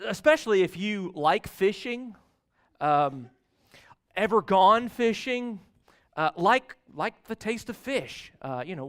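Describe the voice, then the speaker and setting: A man preaching a sermon in a church, reading scripture aloud with casual asides and swinging between loud emphasis and soft remarks. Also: on the high side, clean tone. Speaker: pastor. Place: church sanctuary.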